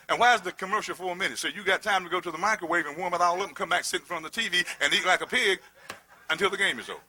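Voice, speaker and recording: A middle-aged pastor preaching a sermon, building from quiet reading to shouted, humorous emphasis. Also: male voice, sits high.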